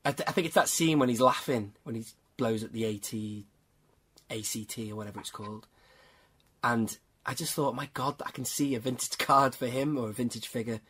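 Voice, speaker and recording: A chatty man hosting a casual podcast, laughing often and cutting in on himself. His voice sits at a middle pitch with a husky edge. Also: a little fast, a bit bright. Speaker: podcast host. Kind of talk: casual chat.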